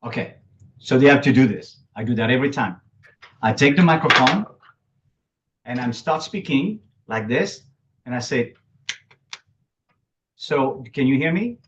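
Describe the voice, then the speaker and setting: A man's voice: medium pitch, animated, moderate pace, pauses often, a little hiss or hum. A man with a French accent, whose first language is French, chats as a guest on an interview show. He chuckles often, restarts his sentences and bends English grammar. The recording sounds a little dull and lo-fi. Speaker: guest, public speaking coach. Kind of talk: casual interview talk.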